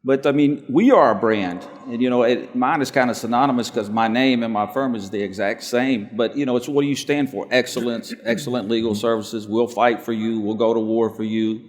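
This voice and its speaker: A man's voice: medium pitch, fairly even intonation, a little fast, hardly any pauses, big-room sound. A man on a live panel, speaking in a confident, emphatic and plain-spoken way. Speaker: law firm owner, panelist. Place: large stadium event on stage.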